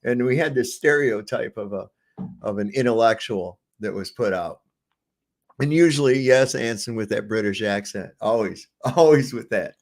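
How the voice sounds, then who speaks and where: A man's voice: on the low side, moderate pace. A man in his sixties hosting casual commentary, sarcastic and cursing freely.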